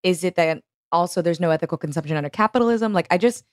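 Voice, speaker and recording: A woman's voice: lowish voice, quick pace, no room sound, clean studio sound. A young woman, a podcast producer co-hosting, chatting casually with frequent giggles and self-deprecating asides. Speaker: podcast producer and guest co-host. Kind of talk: casual comedic chat.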